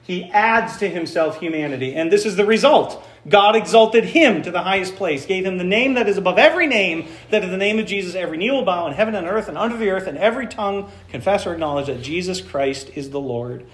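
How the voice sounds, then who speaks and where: A man's voice: high voice, animated, fast, few pauses. A man preaching a sermon as pastor in a church, engaging and quizzing his congregation with questions. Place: church sanctuary. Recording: echoey room.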